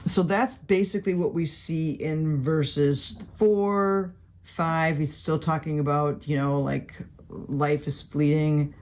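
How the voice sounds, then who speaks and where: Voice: medium pitch, a little mellow. A Bible study teacher in a casual video lesson, reading verses aloud and explaining them in a conversational way with many fillers while writing notes. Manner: writes notes while talking.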